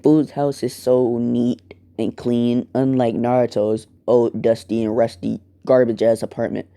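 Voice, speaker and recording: A man telling a fan-made story in a casual, rambling way, swearing and correcting himself. His voice is dark and mellow, and he talks slowly. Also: medium pitch, little pitch movement, gravelly, smooth. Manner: crude, rambling, self-correcting.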